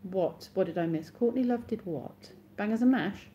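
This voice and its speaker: A woman's voice: medium pitch, moderate pace, dark tone, slight background noise. A woman in her thirties, chatting casually on a live stream and answering viewers' comments as they come in.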